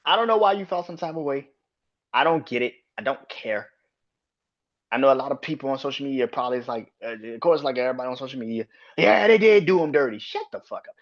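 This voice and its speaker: Profane, heated man ranting on a podcast. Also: dull audio. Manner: profane, heated, swings from low mutters to sharp outbursts. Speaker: podcast host. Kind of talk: solo wrestling podcast rant.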